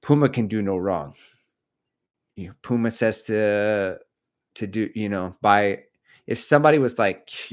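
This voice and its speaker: A man's voice: lowish voice, moderate pace. A middle-aged man hosting a running livestream, chatting casually, cracking jokes and reading out viewers' comments. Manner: rambling, jokey, reads out chat comments. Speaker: running channel host.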